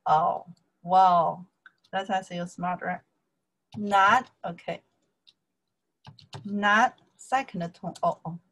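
A woman's voice: lowish voice, little pitch movement. A woman with a Chinese accent teaching Chinese, speaking English as a second language and patiently repeating words and tones. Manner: slow and patient, repeating words and tones, often checking with "okay" and "right". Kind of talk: slow casual language lesson.

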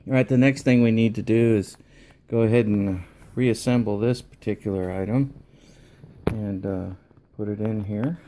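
A man's voice: fairly low pitch, moderate pace, warm tone, slight background noise. A man chatting casually as he explains a repair step by step at a home workbench. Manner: chatty, folksy, thinking aloud while working. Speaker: electronics repair hobbyist.

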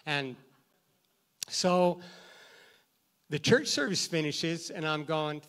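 A man, a teacher, telling a story in a talk, lively and acting out the people in it. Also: a little high, slow pace, pauses often, clear, resonant tone. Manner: animated, acts out every voice in his story. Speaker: teacher and guest speaker.

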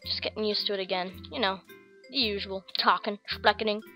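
A woman's voice: medium pitch, a little fast, pushed and bright, soft background music. A woman with an American accent hosting casual Minecraft gameplay commentary in a rambling, goofy, chatty way. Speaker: gaming channel host.

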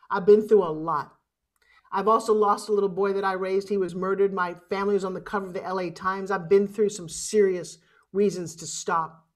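A woman's voice: mid-range voice, steady tone, a little fast. A woman giving a motivational keynote, speaking with emphasis and rousing the audience. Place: online summit.

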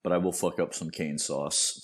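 A man's voice: very deep voice, moderate pace. A man co-hosting a podcast, telling stories and making dry jokes in casual chat. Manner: animated storyteller, dry jokes. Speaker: podcast co-host.

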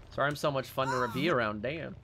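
A man's voice: medium pitch, background noise. A young man streaming a game live, casually ranting and swearing, laughing at himself between rants. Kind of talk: casual live-stream chat while gaming.

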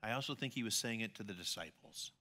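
A man preaching a sermon in a church, telling a story with animated, acted-out voices. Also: on the low side, fast. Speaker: pastor.

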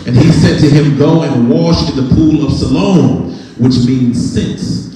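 Animated preaching man in an echoey hall. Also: on the high side, measured pace. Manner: animated preaching, acts out voices and sings snatches. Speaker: pastor. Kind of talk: sermon. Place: church sanctuary.

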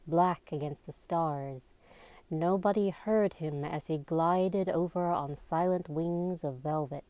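An amateur reader, a woman, narrates a novel aloud in a slow, deliberate storybook manner. Her voice is mellow and slightly low, recorded close and dry with no echo.

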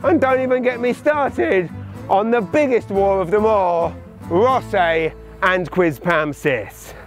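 A man's voice: high voice, slow pace, faint music behind. An English man doing a sarcastic, exasperated comic monologue as a comedian. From England.

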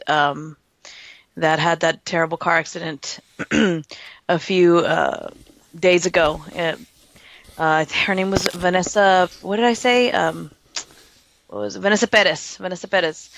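A woman's voice: fairly low pitch, a bit bright, no room sound. A woman co-hosting a live podcast, chatty and giggly, reading listener names aloud. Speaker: podcast co-host. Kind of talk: casual live podcast chat.

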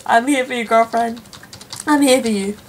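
A woman's voice: on the high side, moderate pace, recorded from a distance, slight background noise, low-quality recording. A woman hosting a let's play, reacting to a chat game in a playful, theatrical way. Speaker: gaming channel host.

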